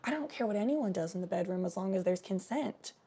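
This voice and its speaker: A woman from Cincinnati in casual storytelling chat. She talks bluntly and profanely, tossing in quick asides. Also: medium pitch, lively intonation, mellow, breathy edge. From Cincinnati, USA.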